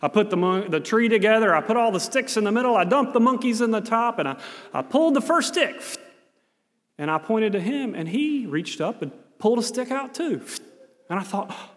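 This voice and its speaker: An American man preaching a sermon, telling a self-mocking story in an animated way. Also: high-pitched, brisk, long reverb tail.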